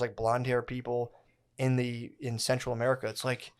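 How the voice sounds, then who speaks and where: A man in a podcast chat, spinning out a long story in loose slang and often restarting his sentences. His voice sits at an ordinary middle pitch. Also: level tone, fairly quick. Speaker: podcast co-host. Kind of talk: casual chat.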